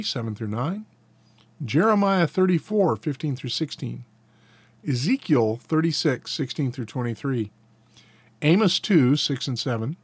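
A man's voice: mid-range voice, no echo. A man teaching a catechism lesson, reading each answer and then adding casual, folksy commentary with a chuckle. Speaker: Bible teacher.

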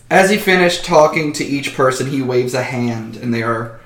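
A man's voice: medium pitch, lively intonation, normal speed, a bit bright, echoey room. A man narrating a tabletop role-playing game as game master, casually and with frequent ums.

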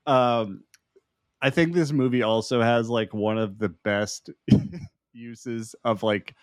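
A podcast co-host recounts favourite movie moments in relaxed, casual talk, breaking into giggles often. The voice sits at a middling pitch and sounds dry and close. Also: slow pace, dry recording.

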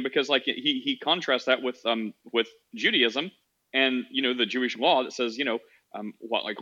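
Man, podcast host, casual chat, rambling with fillers, bright tone, dull lo-fi sound. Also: mid-range voice. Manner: rambling, many fillers and restarts.

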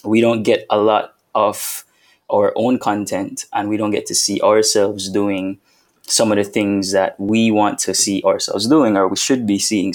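Relaxed young man from Belize, low flat voice. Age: young adult. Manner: easygoing, laughs along, uses fillers. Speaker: podcast guest, film student. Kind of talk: casual interview chat.

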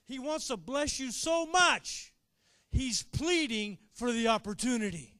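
At a moderate pace, a pastor preaches an animated sermon, asking his congregation for amens and moving between hushed asides and loud peaks. No room sound can be heard.

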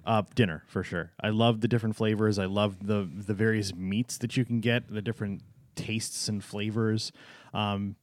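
A man's voice: on the low side, moderate pace, no room sound. A man with a New England accent co-hosting a casual chat, joking and laughing often. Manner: jokey, laughs often, playful deadpan bits. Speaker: co-host.

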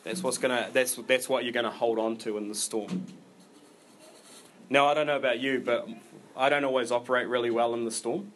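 Male preacher, mid-pitched, loose and chatty, lots of ums and restarts, faint room hum. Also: fairly even intonation, a little fast, fairly bright tone. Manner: informal, rambling delivery with many fillers and restarts. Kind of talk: conversational sermon.

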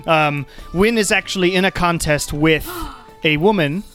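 Brief: male game master, fairly high voice, halting narration, soft music behind. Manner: hesitant, full of ums and restarts.

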